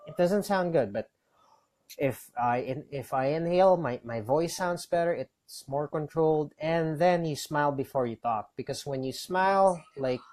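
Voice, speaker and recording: A man's voice: fairly high pitch, a little mellow. A man giving casual tips as a call center trainer, rambling with many fillers and restarts. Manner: coaching, gives direct advice. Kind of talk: casual instructional talk.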